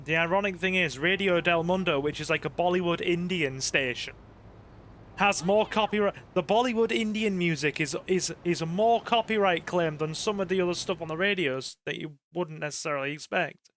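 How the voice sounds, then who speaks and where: A man's voice: high voice, normal speed, a bit bright, a little hiss or hum. A man giving casual let's-play commentary, chatty and joking, swearing casually and talking to his viewers. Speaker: gaming channel host.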